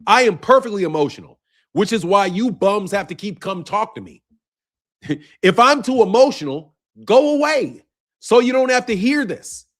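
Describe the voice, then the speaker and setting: The host of a boxing livestream, a young man, has a high-pitched, animated voice at normal speed. He argues heatedly with chat in a combative rant, tacking on "bro" again and again.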